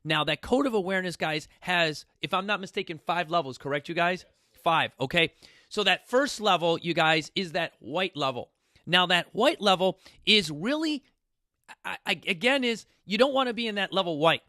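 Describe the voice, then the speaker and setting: Animated man with a bright, high voice. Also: normal speed, no room sound, clean studio sound. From New York City. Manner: animated, repeats "you guys", acts out quotes. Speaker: fitness coach hosting a talk. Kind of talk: casual talk to a studio audience.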